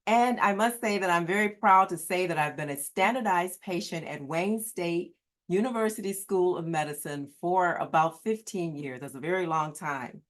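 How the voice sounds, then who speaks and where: A woman's voice: on the low side, moderate pace. A woman who works as a standardized patient, giving an earnest, emphatic prepared presentation. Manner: earnest, emphatic, repeats key words.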